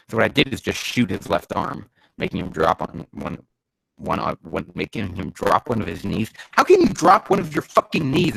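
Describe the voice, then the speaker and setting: A man reading bad fanfiction aloud for comedy, sarcastic and swearing, breaking off into loud bursts of disbelief. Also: on the low side, no room sound, low-quality recording. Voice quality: gravelly.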